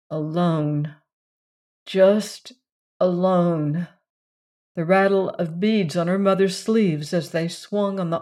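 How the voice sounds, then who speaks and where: Slow, measured audiobook narrator. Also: mid-range voice, a little mellow. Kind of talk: scripted narration.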